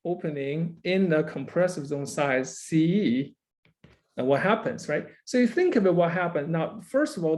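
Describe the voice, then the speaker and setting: Repetitive lecturing man, slightly high voice. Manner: repeats key phrases, tags lines with "right?". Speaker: university lecturer. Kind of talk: classroom lecture.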